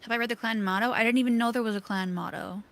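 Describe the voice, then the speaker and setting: A woman chatting quietly and hesitantly while learning a game, with playful asides. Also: on the high side, steady tone, racing. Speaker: new player. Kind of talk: casual gaming stream chat.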